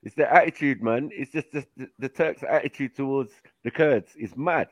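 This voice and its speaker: A man's voice: mid-range voice, normal speed, dry recording. A man chatting casually on a podcast, slangy, putting on voices and laughing often. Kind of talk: casual chat. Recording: dry, dull lo-fi sound.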